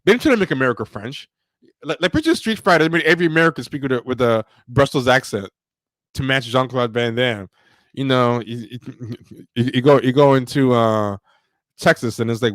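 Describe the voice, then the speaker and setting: A man's voice: medium pitch, lively intonation, brisk, a bit bright, no echo. A man hosting a livestream, rambling casually about movies with lots of fillers and restarts. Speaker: podcast host.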